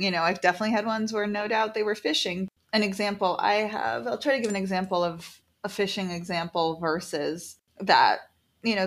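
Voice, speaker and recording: A woman casually telling a personal story, animated and quoting people in lively voices. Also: mid-range voice.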